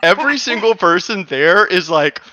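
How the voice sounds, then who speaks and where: A man's voice: high-pitched, expressive, moderate pace, pushed and bright, no echo, highs cut off. A man in his thirties telling a long story in casual chat, rambling with lots of fillers and laughs.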